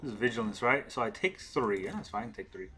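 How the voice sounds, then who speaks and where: A man's voice: on the low side, sing-song, fairly quick, bright, forceful tone, slight background noise. A man thinking aloud as he plays a digital card game, counting cards and questioning his own moves. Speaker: gameplay streamer.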